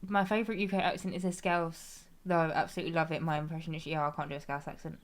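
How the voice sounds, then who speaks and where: Brief: female game streamer, lower-pitched, casual rambling chat with lots of laughter. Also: little pitch movement, quick pace. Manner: giggly, chatty, rambling. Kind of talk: casual gameplay commentary.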